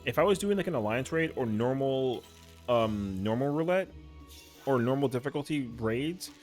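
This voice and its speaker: A young adult man, a streamer, telling animated, slangy stories in casual chat. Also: mid-range voice, moderate pace, soft background music.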